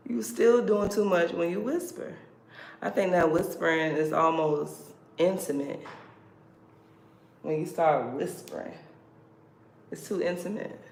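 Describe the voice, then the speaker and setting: A woman's voice: on the low side, a little slow, gravelly, long pauses, a little mellow. A woman from the States hosting a casual livestream, chatty and playful, laughing as she talks. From United States. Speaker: livestream host. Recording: roomy echo, background noise.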